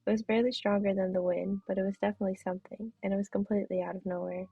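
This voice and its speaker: Woman streamer, husky and gravelly, narrating a game steadily; tinny dry mic. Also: mid-range voice, rapid-fire, no echo, soft background music. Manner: steady reading with small self-corrections. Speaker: streamer playing a visual novel. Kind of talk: reading game narration aloud.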